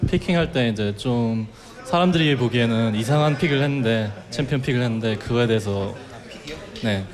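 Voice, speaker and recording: A male interpreter relaying questions and answers, halting in English. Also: medium pitch, a crowd in the background.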